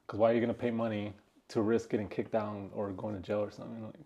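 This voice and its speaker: A man's voice: on the low side, level tone, fast talker, creaky, mellow, highs cut off. A man co-hosting a podcast, chatting casually in a laid-back, rambling way and swearing freely. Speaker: podcast co-host. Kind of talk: casual chat.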